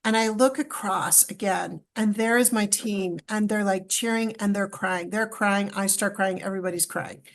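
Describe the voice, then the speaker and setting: A middle-aged Canadian woman tells her story as a podcast guest, with a gravelly, fry-tinged voice at an ordinary pitch. She gets animated and emotional and acts out what people said. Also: moderate pace, hardly any pauses. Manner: animated, acts out quoted dialogue, emotional retelling. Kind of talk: storytelling in a casual interview.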